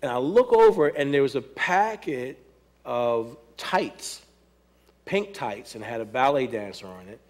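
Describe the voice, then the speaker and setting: An American man who choreographs hip hop dance tells stories in a loose, animated way, acting out quotes and laughing often. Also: mid-range voice, a little slow. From United States. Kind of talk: conversational panel talk.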